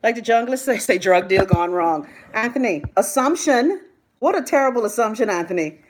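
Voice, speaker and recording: A young Bahamian woman hosting a live stream, chatting loudly to her viewers, gossipy and swearing freely. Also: a little high, lively intonation, moderate pace, noisy background. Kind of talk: casual live-stream chat.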